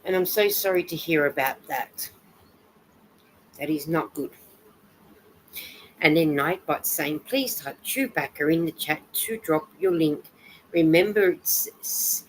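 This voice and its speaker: A woman hosting a casual live chat from home while she knits, greeting viewers by name, reading their comments aloud, and adding soft sympathetic asides. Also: low voice, measured pace, pauses often, a little hiss or hum, rough recording. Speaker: livestream host.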